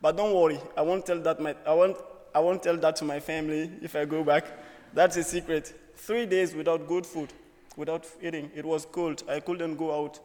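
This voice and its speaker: A man's voice: on the high side, flat delivery, normal speed, darkish tone. Young man telling a story in a reverberant hall. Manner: earnest, humorous storytelling in short phrases. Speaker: student speaker. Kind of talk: personal story speech. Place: auditorium.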